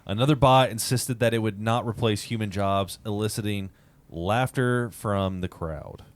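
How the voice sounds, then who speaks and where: Low-voiced man co-hosting casual chat. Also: normal speed. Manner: reads news aloud with stumbles and restarts. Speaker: podcast co-host.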